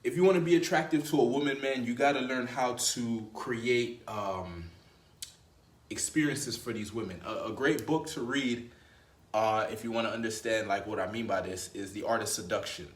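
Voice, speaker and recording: Dating coach guy hyping up the viewer, slangy, keeps repeating himself, mid pitch, echoey room. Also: normal speed. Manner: emphatic, repetitive, slangy, restarts phrases. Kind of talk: casual motivational talk to camera.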